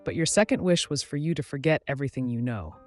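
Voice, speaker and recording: A man's voice: mid-range voice, animated, fast talker, a little mellow, soft background music, natural voice. A man reading as a toothless old hag. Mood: sly. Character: toothless cackling old woman granting wishes.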